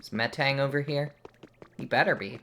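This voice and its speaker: Woman, streamer, casual gameplay chat, swears freely, low voice, faint music behind. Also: normal speed, fairly bright tone. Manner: swears casually, reads dialogue aloud.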